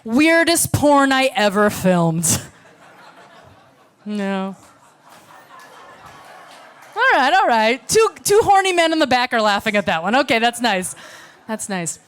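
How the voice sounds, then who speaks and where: A woman's voice: on the high side, sing-song, slow pace, long pauses, smooth. An American woman doing a stand-up comedy set on a club stage, brash, sarcastic and profane. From United States.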